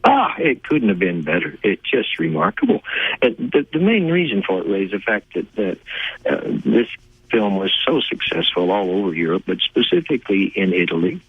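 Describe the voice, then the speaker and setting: Older Texan man, low and husky, animated guest storyteller who laughs a lot, heard over a tinny phone line. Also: moderate pace, dry recording. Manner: warm, laughing, enthusiastic storyteller. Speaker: guest actor. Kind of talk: phone interview, casual storytelling. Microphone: telephone.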